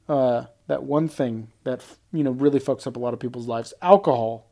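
A man's voice: medium pitch, normal speed, mellow. A man in casual podcast banter, telling a story in a loose, rambling way. He swears freely and drops into mocking impressions of the people he quotes. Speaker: podcast co-host. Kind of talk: casual chat.

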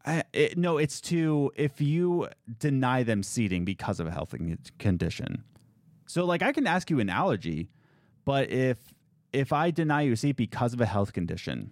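A man telling a story about a customer in a casual chat, animated and sarcastic, acting out what people said. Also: medium pitch, normal speed, dry recording, studio quality. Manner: animated, sarcastic, quotes people in put-on voices. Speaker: restaurant worker telling a story.

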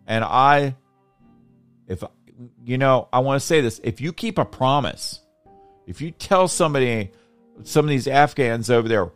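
A man's voice: medium pitch, expressive, moderate pace, dry recording, faint music behind. Indignant man ranting on politics. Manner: frustrated, indignant, rallying. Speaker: political podcast host. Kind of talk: angry political commentary monologue.

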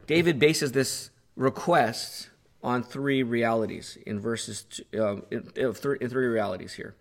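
A male pastor preaching an earnest sermon, growing impassioned as he voices the psalmist's pleas. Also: medium pitch.

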